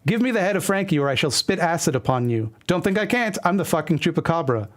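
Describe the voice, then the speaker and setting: A man's voice: on the high side, very animated, fast talker. A man voicing a menacing male chupacabra monster gangster who makes blustering threats. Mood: threatening.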